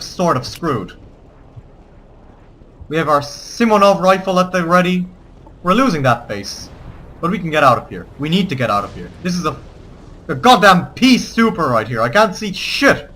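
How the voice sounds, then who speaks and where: A man's voice: a little high, animated, normal speed, pushed and bright. A man giving gameplay commentary, switching between theatrical rallying speeches and swearing asides. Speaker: let's play gamer.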